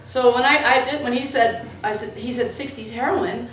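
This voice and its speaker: A woman from Florida who works at the club, telling rambling, animated stories full of fillers and tangents. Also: a little high, moderate pace. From Florida, USA. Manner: animated, lots of fillers, jumps between tangents. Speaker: club worker interviewee. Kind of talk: rambling anecdotal storytelling. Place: indoors, in the club building. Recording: echoey room, distant mic, faint noise.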